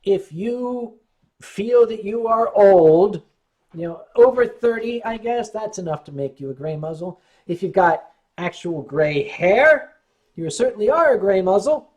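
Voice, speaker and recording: A man's voice: high voice, animated, measured pace, darkish tone, highs cut off. A man hosting a casual livestream, reading out chat comments and answering with wry, rambling jokes while tipsy on wine. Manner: wry, joking, rambling storyteller.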